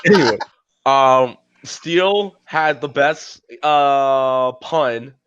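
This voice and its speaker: A man co-hosting a podcast in casual chat, animated and acting out scenes as he talks. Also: medium pitch, extremely slow, clear, resonant tone. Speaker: podcast co-host. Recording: muffled lo-fi podcast audio.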